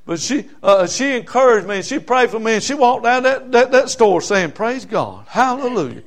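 Male pastor, high-pitched, fiery sermon delivery with hushed storytelling. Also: normal speed. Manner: impassioned preaching, swinging from hushed storytelling to shouting.

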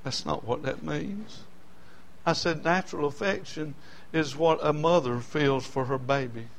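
A man's voice: a little high, a little slow, creaky. A man preaching a sermon, telling personal stories in a folksy way and building to emotional peaks.

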